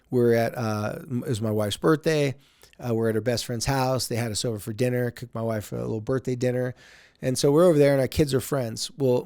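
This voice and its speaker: Male podcast host, 30s, earnest storyteller, mid pitch, dry close sound. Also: vocal fry, darkish tone, no room sound. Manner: earnest, storytelling, acts out dialogue. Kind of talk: casual podcast monologue.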